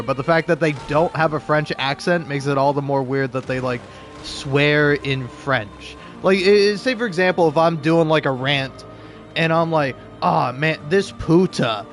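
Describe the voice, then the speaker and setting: A man's voice: on the high side, a bit bright. A man giving casual, rambling gameplay commentary, full of fillers and restarts. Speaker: gaming video creator.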